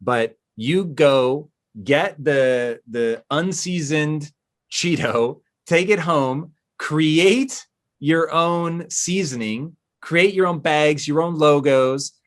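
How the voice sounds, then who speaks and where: A man's voice: on the high side, slow pace. A man hosting an interview and responding with emphatic enthusiasm to his guest's story. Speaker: podcast host. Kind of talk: interview conversation.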